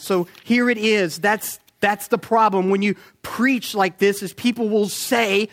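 A male preacher with a notably high-pitched, steady, fairly bright voice delivers a sermon. He speaks emphatically, stacks rhetorical questions, and slows down to drive his points home.

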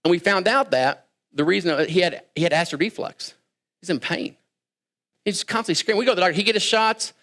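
A man preaching a sermon, talking conversationally and swinging between quiet asides and raised, emphatic lines. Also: high voice, brisk. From Kentucky. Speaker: pastor.

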